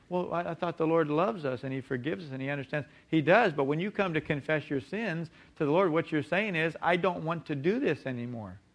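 A middle-aged man delivers a sermon from the pulpit. His voice sits a little high for a man. He leans hard on key words and slows right down to drive each point home. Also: a bit bright. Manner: emphatic preaching, slowing down on key words. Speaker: preacher.

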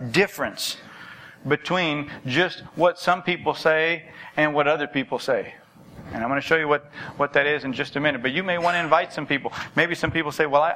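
A man preaching a sermon as pastor of his church, speaking with repetition and building to an emphatic pitch. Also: pushed and bright, rough recording. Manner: preaching with rising intensity and repetition.

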